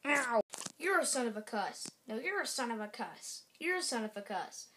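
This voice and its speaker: A woman voicing a boastful little sack-doll star in a homemade game cartoon, squabbling and showing off with sudden loud shouts. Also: a little high, sing-song, slight background noise. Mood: bickering. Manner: squabbling, showy, quick shifts to loud shouts.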